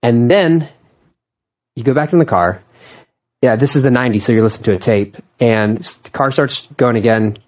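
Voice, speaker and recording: A man's voice: medium pitch, moderate pace, a little mellow. Chatty man hosting a podcast. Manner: chatty and self-deprecating, laughs often. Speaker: podcast host. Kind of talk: casual conversation.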